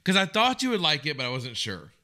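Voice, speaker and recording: A man's voice: on the high side, huge pitch swings, fast, sharp tone. A man hosting a movie reaction, chatting casually and eagerly leading the talk with questions. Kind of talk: casual chat.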